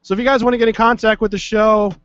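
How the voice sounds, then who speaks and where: A man's voice: high voice, level tone, quick pace, a bit bright, clear, resonant tone, no echo. A man hosting a live internet radio show, joking loosely and swearing as he gives contact details. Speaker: podcast host. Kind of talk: casual chat. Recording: dull, lo-fi dry studio audio.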